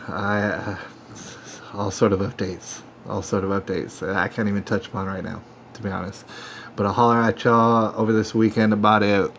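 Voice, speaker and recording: A man hosting a livestream, talking straight to viewers in a defiant, repetitive rant that keeps working itself up. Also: lowish voice. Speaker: livestream host. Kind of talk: ranting monologue to viewers. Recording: dull lo-fi phone stream audio with faint noise.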